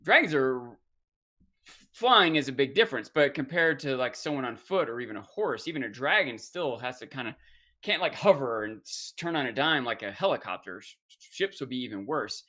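A man's voice: medium pitch, animated, fairly quick, sharp tone. A man co-hosting a history podcast, arguing a point casually, stumbling and restarting often. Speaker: podcast co-host.

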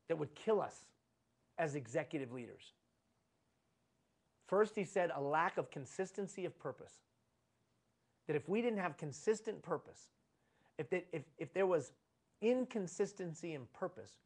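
A middle-aged man giving a live conference lecture on leadership, preachy and repetitive, with lots of rhetorical questions. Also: on the high side. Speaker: leadership trainer. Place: conference room.

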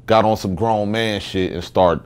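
A man with a low voice tells his side of a story in casual, punchy street talk. He drives his points hard and keeps the telling loose and conversational. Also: steady tone, normal speed, clean tone.

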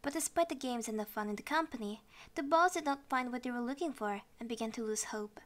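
A woman's voice: on the high side, quick pace. Woman reading a children's story. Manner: expressive storybook reading, non-native English. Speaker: narrator.

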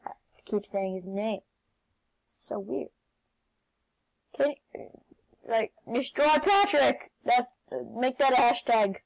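Woman, gaming commentary, excitable, slightly high voice, unhurried. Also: creaky, low-quality recording. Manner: excitable, shouts and laughs while playing. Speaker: gaming channel host. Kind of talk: game commentary.

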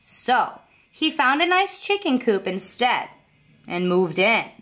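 A woman teacher reads a picture book aloud to young children, asking them questions as she goes. Her voice is fairly high and expressive, and she takes it slowly.

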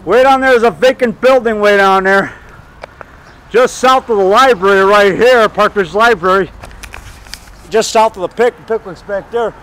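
A man in his fifties rambling excitedly while walking down a town street, talking to camera and calling the viewer brother and man. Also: sits high, normal speed. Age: 50s. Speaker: filmmaker vlogging. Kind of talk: rambling outdoor vlog.

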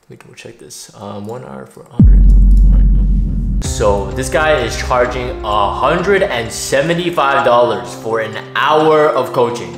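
A man hosting a reaction video in casual commentary, mocking and incredulous, sometimes bursting into shouts. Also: medium pitch, lively intonation, takes it slowly, long pauses. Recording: roomy echo with music. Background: music.

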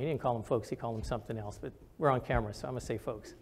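A man's voice: mid-range voice, very fast, darkish tone. An older man, a physician and military officer, telling personal stories in a conversational, earnest way with frequent restarts, recorded for camera. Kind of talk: reflective storytelling talk.

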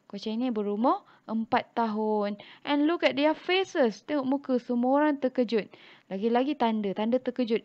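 A young Malaysian woman teaching English to young children. She walks through a storybook slowly and repeats each line in a second language. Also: a little high, animated. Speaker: primary school English teacher. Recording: dull lo-fi recording.

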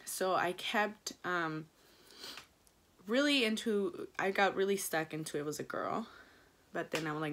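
A young woman with a Mexican-American accent chats candidly to the camera about her pregnancy. Her voice sits a little low but leaps into high, excited bursts whenever she acts out what she once said. She talks casually, with plenty of fillers. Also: slow, long pauses. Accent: Mexican-American English. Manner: chatty, animated, quotes herself in high excited bursts. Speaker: vlogger.

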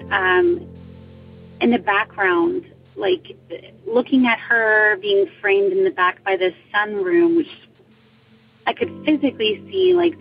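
A woman's voice: medium pitch, vocal fry. A young woman telling her own ghost story in casual speech, hesitant, with many ums and restarts. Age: young adult. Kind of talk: casual first-person storytelling. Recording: slightly dull audio with faint music.

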